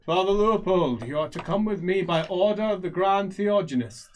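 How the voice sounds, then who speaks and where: Man as a cold zealot priest, formal and commanding, pitched up and loud. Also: animated, moderate pace. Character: stern zealous male witch-hunter priest.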